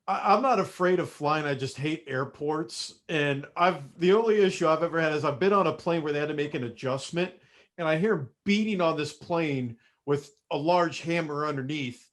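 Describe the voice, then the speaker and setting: A man's voice: on the high side, normal speed, fairly bright tone. A man hosting a podcast, talking in a casual, friendly way with his guest. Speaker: podcast host. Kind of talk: podcast interview.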